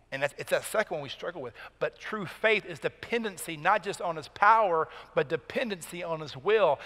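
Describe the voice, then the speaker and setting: A man preaching a sermon as pastor, emphatic and rising in pitch to drive key points home. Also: fairly quick, hardly any pauses, pushed and bright, big-room sound. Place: church sanctuary.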